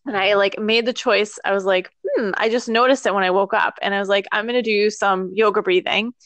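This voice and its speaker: A woman hosting a podcast interview, telling a personal story in a casual, animated way and laughing often. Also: medium pitch, fairly quick, no echo. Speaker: podcast host.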